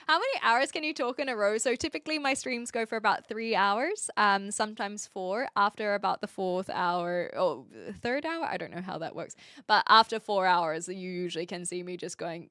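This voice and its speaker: Female streamer, loose and jokey, reads chat aloud; sharp, forward tone, dry room. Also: mid-range voice, normal speed, dry recording. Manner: chatty and giggly, loose and joking. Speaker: livestreamer. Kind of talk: casual live-stream chat, reading viewer comments.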